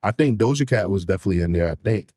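A man's voice: sits low, expressive, very fast, mellow, slightly rough, no room sound. Man, podcast co-host, casual chat, laid-back, dry close sound. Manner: laid-back, storytelling with laughs.

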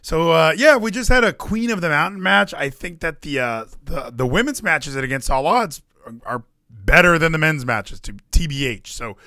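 A man co-hosting a casual wrestling podcast, rambling and excitable, with the odd swear. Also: a little high, normal speed, dry recording, clean studio sound. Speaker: podcast co-host.

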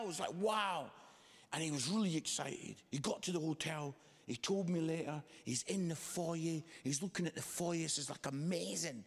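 A man preaching a sermon, telling a story with lively, animated delivery and quoted voices. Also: fairly high pitch, normal speed, breathy edge. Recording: long hall reverb.

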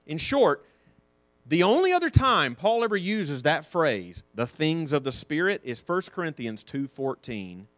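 A man teaching a Sunday School Bible lesson, his pitch rising and falling in lively swings. He speaks slowly and deliberately, asks the class questions and repeats key phrases for stress. The recording is dry and close. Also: no room sound.

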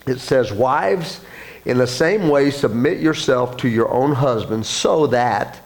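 A man preaching as a church pastor, earnest, with frequent fillers and restarts, his voice rising higher as he presses a point. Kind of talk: sermon.

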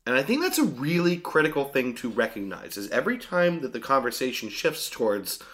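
A man's voice: mid-range voice, very animated, brisk, hardly any pauses, fairly bright tone. A man co-hosting a casual podcast chat, explaining things in detail and getting mildly exasperated. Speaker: podcast co-host.

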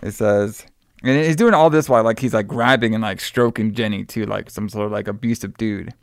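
A man's voice: lowish voice, brisk, no echo, studio quality. A man recapping a movie in casual chat, rambling and profane, with lots of "like" fillers. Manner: rambling, profane, many "like" fillers, acts out quotes. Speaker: podcast co-host recapping a movie.

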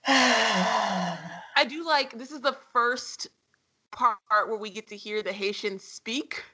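An animated woman in a casual book discussion, laughing often and swearing freely. Her voice sits fairly high, with a bright, sharp edge. She talks like a podcast co-host riffing with a friend. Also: slow pace, breathy edge.

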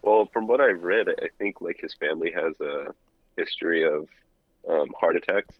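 A man in casual podcast chat, mostly giving short replies and relaxed comments. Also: sits low, moderate pace, dry recording. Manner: relaxed listener, brief acknowledgments. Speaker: podcast co-host. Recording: dull lo-fi sound.

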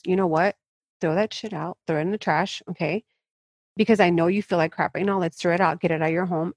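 A woman's voice: lowish voice, no room sound. A woman who works as a fitness coach, talking candidly and emphatically as an interview guest. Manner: frank, emphatic, speaks in rushes.

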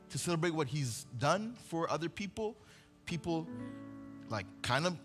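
A man's voice: a little high, very animated, unhurried, pauses often, fairly bright tone, faint music behind. A male pastor preaching a sermon, telling a vivid story and acting out the voices of its characters. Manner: storytelling, acts out voices, builds to impassioned climax.

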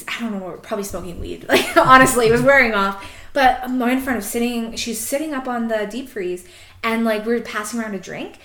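A young woman tells a rambling funny story, laughing often and dropping "like" everywhere. Her voice sits a little high. The room is echoey. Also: fairly bright tone. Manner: giggly, frequent laughter and "like" fillers. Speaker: podcast co-host. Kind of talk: casual storytelling chat.

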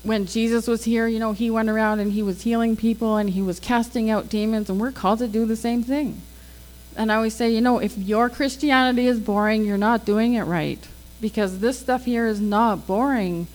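A woman's voice: on the high side, fairly even intonation, normal speed, a little mellow, rough recording. Chatty woman telling faith stories. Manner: acts out quoted dialogue, chatty with many "like"s. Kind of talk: casual testimony storytelling.

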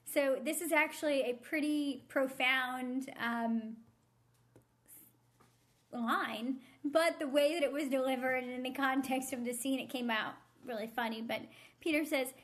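A woman's voice: high voice, a little slow, a bit bright. A woman co-hosting a podcast in casual chat, enthusiastic and giggly. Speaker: podcast co-host.

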